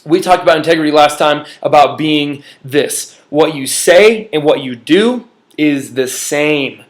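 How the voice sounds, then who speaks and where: A man's voice: on the high side, unhurried. A young man giving an earnest, emphatic motivational business lesson, speaking straight to his viewers. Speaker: business trainer. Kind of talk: motivational teaching talk.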